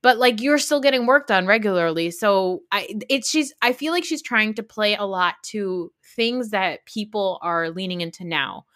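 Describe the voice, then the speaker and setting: A woman's voice: medium pitch, animated, moderate pace, few pauses, a bit bright, no room sound, clean studio sound. A woman in her thirties co-hosting a casual pop-culture gossip podcast, talking frankly and rambling, swearing freely. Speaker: podcast co-host.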